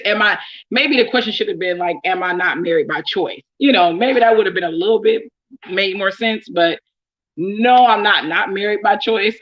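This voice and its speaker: A mid-range female voice, captured with lo-fi sound, belongs to a young woman from Oakland, California. Her Bay Area accent comes through as she chats to camera answering followers' questions, laughing frequently and filling gaps with um.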